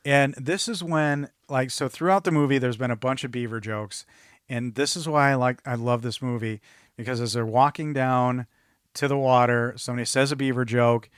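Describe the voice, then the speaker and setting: A man co-hosting an independent movie podcast, recapping scenes in a loose, rambling way. His voice sits at a middle pitch. It is recorded dry and close, with no room sound. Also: steady tone, moderate pace, clear, resonant tone, no room sound. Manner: chatty, rambling recaps with laughs. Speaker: podcast co-host. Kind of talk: casual movie review chat.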